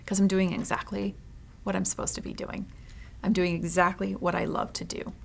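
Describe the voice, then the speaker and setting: Woman, store owner, interview guest, heartfelt, gravelly. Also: medium pitch, flat delivery, moderate pace. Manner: earnest, frequent "you know, right?" tags.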